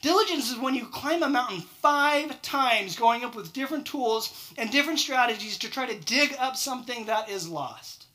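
A man's voice: very high voice, expressive, moderate pace, hardly any pauses, bright, forceful tone. A man preaching a sermon, firing off rhetorical questions and acting out quoted excuses. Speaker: pastor.

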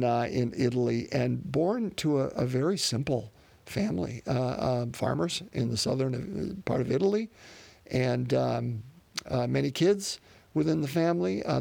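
A man's voice: medium pitch, creaky, darkish tone, no room sound. A man preaching a sermon off the cuff, with plenty of fillers and restarts. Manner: unscripted, many fillers and restarts.

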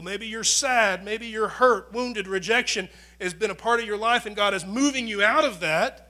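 A middle-aged man preaching a sermon as a pastor, conversational and earnest, swinging between loud emphasis and quiet asides. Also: high voice.

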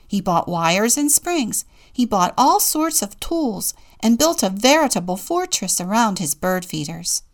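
A woman deacon reading a children's picture book aloud in a playful, expressive way, sometimes dropping to a whisper. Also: lowish voice, vocal fry.

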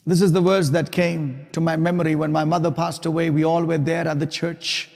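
A pastor preaching a sermon, building to loud, emphatic repetition of his points. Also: fairly high pitch, flat delivery, fairly quick, long reverb tail.

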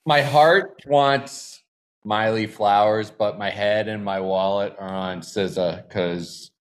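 A man co-hosting a podcast, trading teasing, quick banter in casual chat. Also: lowish voice.

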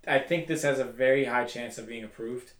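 A man's voice: mid-range voice, steady tone, fairly quick, echoey room. A man hosting a podcast, chatting casually and rambling at length with many fillers. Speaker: podcast host. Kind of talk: casual chat.

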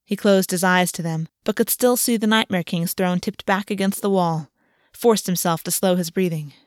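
Audiobook narrator, female, steady and even, dry close-miked sound. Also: lowish voice, normal speed, no echo. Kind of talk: scripted narration.

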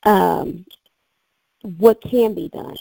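A woman therapist calmly asking guiding questions in a casual podcast conversation. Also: mid-range voice, extremely slow, creaky, no room sound, rough recording. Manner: calm, asks guiding questions. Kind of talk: casual advice chat.

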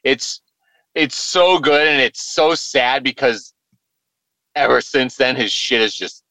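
A man's voice: mid-range voice, slow pace, sharp tone, dry recording, rough recording. A man in casual podcast chat who speaks with enthusiasm and encouragement.

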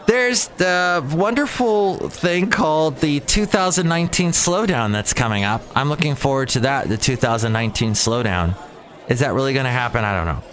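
A man's voice: medium pitch, fairly bright tone. Sarcastic rambling man host. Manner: rambling, sarcastic, jumps between topics. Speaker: podcast host. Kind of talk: casual solo talk.

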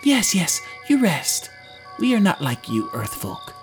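A man voicing a gentle, soft-spoken alien male travel companion who talks in a mild, polite way. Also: sits high, huge pitch swings, measured pace, vocal fry, soft background music, voice pushed up, heavily acted. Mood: reassuring. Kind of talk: audiobook character voice.

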